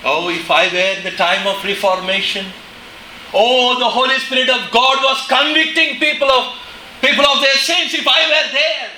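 A middle-aged man preaching a sermon in a chapel, impassioned, dropping to a hush and rising to shouts. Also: extremely high pitch, steady tone, normal speed, roomy sound, a little hiss or hum, poor audio. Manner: impassioned, swings between hushed and shouting.

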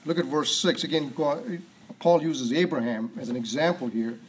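Preacher, male, slightly high-pitched, reads verses aloud, poses rhetorical questions. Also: measured pace, a little hiss or hum. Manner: reads scripture aloud, asks rhetorical questions, clears throat often. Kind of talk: sermon.

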